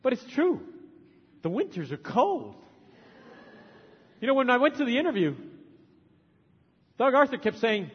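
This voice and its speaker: High-voiced man preaching in an echoing hall. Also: big pitch swings, a little slow, pauses often, husky. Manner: emphatic, swinging from loud urging to soft tender asides. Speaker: preacher and missionary. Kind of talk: sermon. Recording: long hall reverb, dull lo-fi sound.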